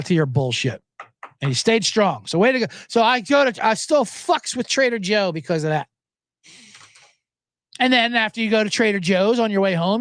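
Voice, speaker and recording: A man's voice: sits high, fairly bright tone, no echo. A man hosting a sports betting podcast, ranting in a casual monologue, swearing and acting out voices as he quotes people.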